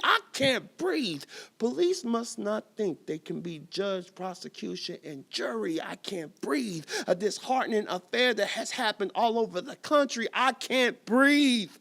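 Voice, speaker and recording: A man performing spoken-word poetry at a live reading, with a rhythmic refrain that swings from whispers to loud emphasis. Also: high-pitched, expressive, unhurried, creaky. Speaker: poet reading at a live event. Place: performance venue.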